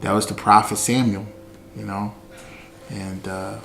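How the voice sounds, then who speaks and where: Man, lowish voice, flat delivery, halting testimony over guitar. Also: vocal fry. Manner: halting, relaxed, many "you know"s. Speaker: husband sharing faith story. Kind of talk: personal testimony. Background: soft guitar music.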